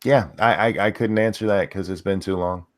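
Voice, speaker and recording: A man co-hosting a casual chat, talking haltingly and stammering as he starts his sentences. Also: low-pitched. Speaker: podcast co-host.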